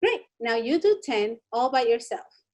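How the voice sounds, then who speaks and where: A woman presents a kids' drama program in a high, bright voice. She is playful and encouraging, urging the children to try each exercise. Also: very animated, unhurried. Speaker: co-host of a children's drama class.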